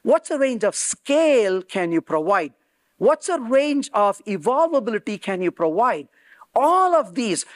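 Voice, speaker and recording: Lively high-voiced man giving a tech talk. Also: unhurried. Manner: emphatic, acts out quoted dialogue. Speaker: conference speaker. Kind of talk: technical conference talk. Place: conference venue.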